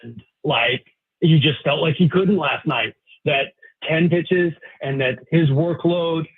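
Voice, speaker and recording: A man's voice: a little high, takes it slowly, husky. A man who writes about sports, talking as a guest on a radio show in a rambling, hesitant way with many restarts. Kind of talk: casual sports talk. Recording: tinny phone line.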